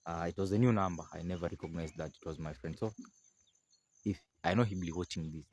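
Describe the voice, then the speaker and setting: A man telling a village folk tale outdoors in a rambling, animated, casual way, acting out the figures himself. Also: deep voice, quick pace. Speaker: storyteller. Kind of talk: casual oral storytelling.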